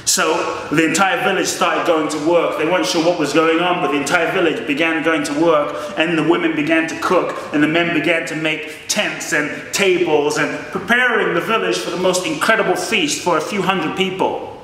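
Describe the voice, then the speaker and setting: A man giving an impassioned motivational speech as a life coach, telling a story with feeling. His voice sits a little high and sounds bright and forceful. It rings out through a big echoey hall with a long reverb tail. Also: steady tone, moderate pace, recorded from a distance.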